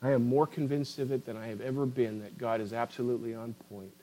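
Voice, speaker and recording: A man's voice: medium pitch, steady tone, fast, mellow, a little hiss or hum, low-quality recording. A man preaching a sermon with impassioned, rising and falling emphasis, addressing listeners as beloved.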